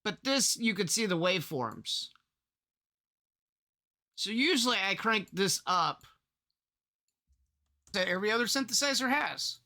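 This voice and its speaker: A man's voice: high voice, very animated, unhurried, pauses often. A man casually walking through his audio recording setup in a rambling screen-recorded tutorial, restarting sentences as he goes. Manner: rambling, restarts often, demonstrates his loudness levels. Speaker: content creator explaining audio setup.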